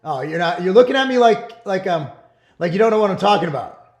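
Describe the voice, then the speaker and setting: Middle-aged guy ranting to camera, kinda high voice, boasts a lot, echoey room. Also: expressive, a little fast. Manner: brash, rambling and self-promoting, with frequent restarts. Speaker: fitness company owner and channel host. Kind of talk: casual commentary to camera.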